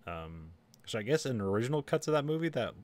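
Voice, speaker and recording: A man's voice: medium pitch, sing-song, fast talker, darkish tone. A man co-hosting a casual podcast chat, rambling, trailing off and laughing often. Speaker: podcast co-host.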